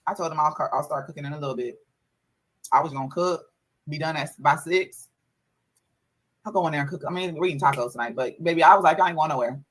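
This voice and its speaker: A woman's voice: deep voice, quick pace, long pauses, low-quality recording. A mother telling a story in a casual vlog, exasperated and profane, repeating herself as she vents about her kids.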